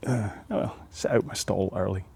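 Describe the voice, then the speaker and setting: Chatty rowing coach, outdoors. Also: male voice, lowish voice, vocal fry, dark tone, breathy edge, dry recording. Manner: rambling, friendly, self-deprecating asides. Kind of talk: chatty follow-along workout coaching.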